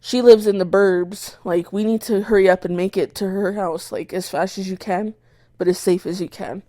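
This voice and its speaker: A young woman on a podcast tells a story in a loose, animated way. She curses freely and bursts into the shouted lines she is quoting. Her voice is mid-pitched, recorded close and dry, with no room sound. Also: normal speed, dry recording. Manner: animated retelling, swears a lot, acts out her own shouts. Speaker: podcast co-host. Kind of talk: casual storytelling chat.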